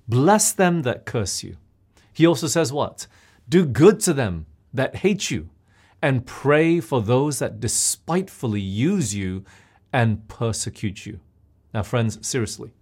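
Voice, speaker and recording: A man preaching a sermon, often putting questions to his listeners. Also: mid-range voice.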